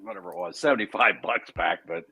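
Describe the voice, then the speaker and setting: A man's voice: on the low side, fast, creaky, bright, forceful tone, slightly rough, faint music behind. A man on a trading panel, telling a long rambling story in casual chat and correcting himself as he goes. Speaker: trader on a panel.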